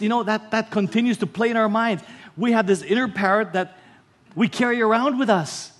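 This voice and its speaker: High-voiced Filipino pastor preaching. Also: male voice, normal speed, fairly bright tone. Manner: preaching with told stories and repeated lines. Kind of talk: sermon.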